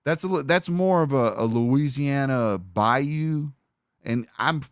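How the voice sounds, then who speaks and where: A man's voice: mid-range voice, expressive, slow pace, clear, resonant tone, no room sound, clean studio sound. A man with an Alabama Southern accent, chatting casually on a live stream in a rambling, profane, offhand way.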